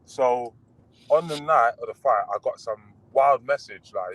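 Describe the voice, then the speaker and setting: A man chatting as a boxer guest on a podcast, relaxed and full of fillers and restarts. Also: mid-range voice, a little slow, rough recording. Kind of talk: casual podcast interview.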